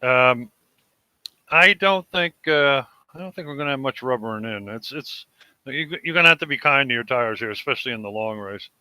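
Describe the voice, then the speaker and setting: A man's voice: mid-range voice, lively intonation, moderate pace, sharp tone, smooth, dry recording. A man co-commentating a sim racing broadcast, talking candidly and rambling about his own driving. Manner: candid, rambling, self-deprecating.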